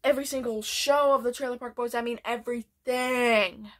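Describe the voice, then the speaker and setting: A woman vlogger rambling excitedly about her favorite shows, full of fillers and restarts. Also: fairly high pitch, moderate pace. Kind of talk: casual show ranking.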